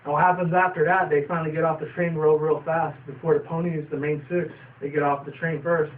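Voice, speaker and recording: A man's voice: on the high side, little pitch movement, brisk. A young man casually reviewing a cartoon episode, rambling with fillers and casual swearing. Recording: distant tinny phone-like sound, faint noise.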